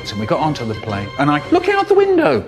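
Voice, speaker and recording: A man's voice: a little high, huge pitch swings, fast, soft background music. A man narrating an absurd comedic story in a jumpy way, now and then breaking into silly voices.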